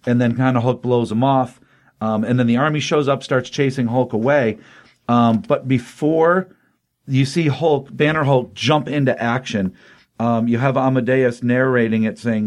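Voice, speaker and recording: A man casually retelling a comic book plot on a podcast, talking quickly with frequent ums. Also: medium pitch, fairly even intonation. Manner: fast, rambling retelling with filler ums. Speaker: podcast co-host.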